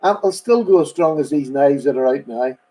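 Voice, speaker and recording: A man's voice: on the high side, expressive, a little fast, warm tone, low-quality recording. A man hosting a casual live stream, rambling chattily and greeting viewers by name. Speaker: host.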